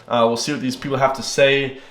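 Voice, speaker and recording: A man's voice: mid-range voice, level tone, quick pace, a bit bright, reverberant, slight background noise. A young Irish man hosting a reaction video, ranting heatedly with lots of fillers and repeated words. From Ireland. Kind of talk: casual ranting commentary.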